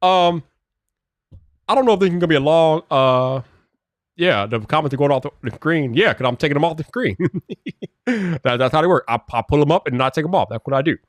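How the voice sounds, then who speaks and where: A man hosting a casual live stream, greeting viewers one by one by name, laughing often and muttering to himself as he fiddles with his software. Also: a little high, brisk, long pauses, no echo.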